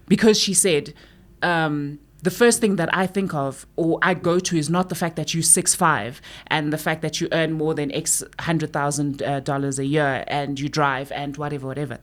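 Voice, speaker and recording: A woman's voice: low-pitched, moderate pace, few pauses. A woman co-hosting a podcast, chatting casually and acting out quotes as she tells stories. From South Africa. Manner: animated storyteller, acts out quotes. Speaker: podcast co-host. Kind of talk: casual chat.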